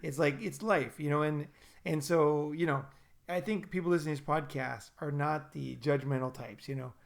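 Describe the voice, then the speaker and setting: A man's voice: on the high side, normal speed, gravelly. A man hosting a casual podcast chat, rambling and often repeating and restarting his words. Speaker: podcast host.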